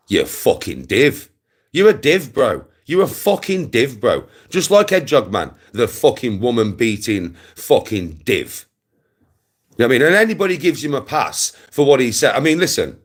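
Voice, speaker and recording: A man's voice: mid-range voice, big pitch swings, moderate pace, slightly rough. A young man ranting aggressively to his livestream viewers, swearing and repeating himself. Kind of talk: angry rant to camera.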